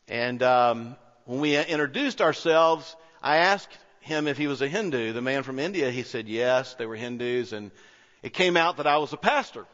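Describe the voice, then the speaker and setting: A man's voice: a little high, a bit bright. A man preaching a sermon as pastor, telling a story in an earnest, conversational way. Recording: dull reverberant hall sound.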